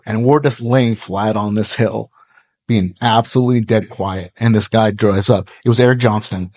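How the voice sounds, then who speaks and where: A man's voice: lowish voice, normal speed, darkish tone. A middle-aged man preaching a sermon, telling stories with animation and acting out quoted voices. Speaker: pastor. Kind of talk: sermon storytelling. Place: church hall, live audience.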